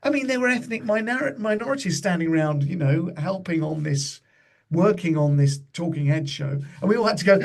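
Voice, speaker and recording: A man spins loose, chatty stories as a podcast guest. His voice sits a little high, with a gravelly fry and a husky edge. He keeps mimicking the people he talks about. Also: lively intonation, moderate pace. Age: 50s. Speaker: comedian guest. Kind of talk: casual podcast anecdote.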